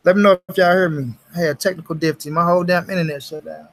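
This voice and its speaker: A man's voice: on the high side, steady tone, rapid-fire. Slangy, profane man hosting a livestream. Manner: slangy, profane, talks to chat. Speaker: livestream host. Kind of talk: casual livestream chat.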